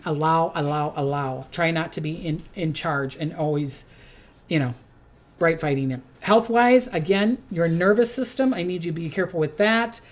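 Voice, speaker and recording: Middle-aged lady psychic rambling thru a forecast, lowish voice, keeps saying okay?. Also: darkish tone. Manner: chatty, repeats "okay?", acts out quick voices. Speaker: psychic doing zodiac forecasts. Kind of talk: casual spoken forecast to camera.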